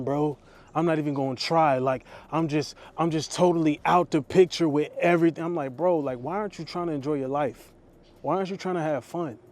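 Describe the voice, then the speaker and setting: A man's voice: a little high, a little mellow. A young man, a dating coach, giving a blunt, slangy motivational talk straight to camera.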